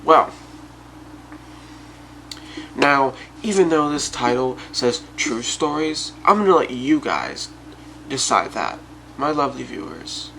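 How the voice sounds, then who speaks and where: Gravelly, bright-voiced man telling stories. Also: mid-range voice, big pitch swings, slow, long pauses, a little hiss or hum, low-quality recording. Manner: chatty, addresses viewers directly. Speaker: YouTube storyteller. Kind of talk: casual storytelling to viewers.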